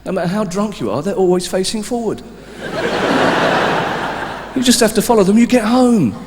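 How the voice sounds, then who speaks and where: A man performing a stand-up comedy routine in an animated, playful way. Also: sits high, moderate pace. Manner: animated, shouting out mock instructions. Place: live comedy stage. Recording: live hall reverb with background noise.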